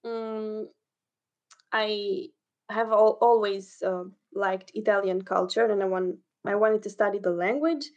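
Halting young woman guest. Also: mid-range voice, highs cut off. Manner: hesitant, halting, with frequent fillers and laughs. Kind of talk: casual podcast chat over a call.

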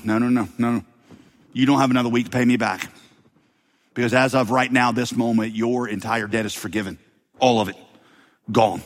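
A pastor delivers a storytelling sermon, his fairly high voice rising to loud emphasis and dropping to a hush. The sound carries the long reverb of a big church hall. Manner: storytelling, dramatic shifts between loud and hushed delivery.

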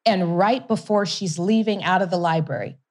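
This middle-aged woman, founder of a whiskey company and an investor, recounts her story with energy in an interview, often laughing and starting sentences over. She speaks at a moderate pace in a lowish, slightly mellow voice.

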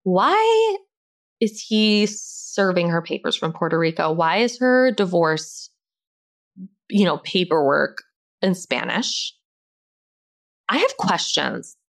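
A woman's voice: lowish voice, very animated, slow, vocal fry, long pauses. A young woman hosting a pop culture podcast, chatting casually in a rambling way with lots of "like". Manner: rambling, chatty, heavy use of "like". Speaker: podcast host. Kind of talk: casual chat.

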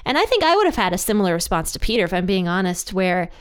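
A woman's voice: mid-range voice, sing-song, quick pace, clean tone. A woman hosting a Bible study, explaining scripture in a chatty way with light laughs between points. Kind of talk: casual Bible teaching.

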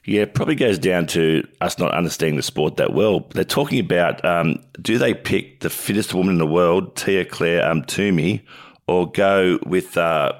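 An Australian man co-hosting a sports show, matey and halting, with many restarts. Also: sits low. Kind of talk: casual sports chat.

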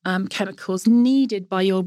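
In a clean, dry studio recording, a woman guest who specializes in sourdough baking chats in a casual interview. Her medium-pitched voice is dark and measured in pace, yet she comes across as enthusiastic and emphatic, laughing readily.

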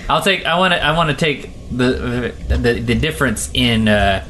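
A man's voice: medium pitch, lively intonation, moderate pace, sharp tone, slight background noise. A man in casual chat, eagerly retelling a movie scene, stumbling over his words and acting out the lines. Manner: eager storyteller, stumbles and restarts, acts out lines.

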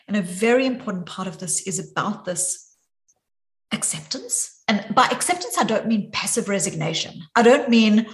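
A woman psychologist speaking as a guest in a podcast interview, thoughtful and emphatic, slowing down on her key points. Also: medium pitch, lively intonation, rough recording.

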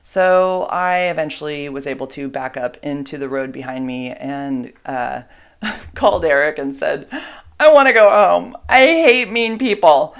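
Chatty middle-aged woman telling a rambling story. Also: a bass voice. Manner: chatty, rambling, with fillers and asides to her dogs. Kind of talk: casual storytelling monologue.

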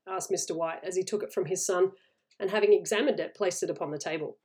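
A woman narrating a story in a steady, even read-aloud manner. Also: on the low side, fast talker. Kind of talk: storybook reading.

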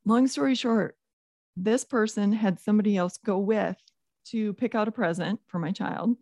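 Woman, forties, podcast co-host, lively storyteller, dry close sound. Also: mid-range voice, normal speed, no echo. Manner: animated storyteller, acts out dialogue. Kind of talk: casual faith podcast chat.

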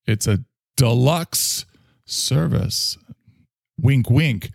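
A man voicing a rambling, low-voiced figure who calls himself messy and imperfect, philosophizing with halting restarts in an improvised comedy bit. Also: vocal fry, no echo, clean studio sound, full character voice.

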